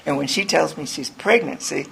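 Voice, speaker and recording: A woman's voice: sits low, normal speed, vocal fry, a bit bright, a little hiss or hum, rough recording. An older woman giving a candid, rambling personal testimony to a group, mocking herself as she tells it. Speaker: recovery speaker.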